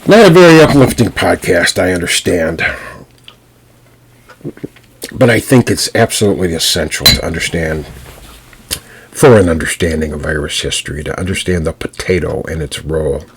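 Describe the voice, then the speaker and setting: A man hosting his own podcast, talking through a history lesson at an unhurried pace with frequent pauses and restarts. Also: deep voice, expressive, a little hiss or hum. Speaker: storyteller and podcast host. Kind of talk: solo podcast history talk. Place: home.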